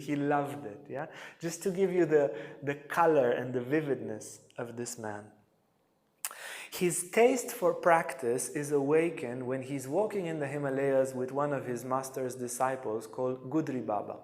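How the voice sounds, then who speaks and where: A man teaching a yoga lecture as an animated storyteller, acting out voices in his stories. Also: medium pitch, normal speed. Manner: animated storyteller, acts out quotes. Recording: echoey hall.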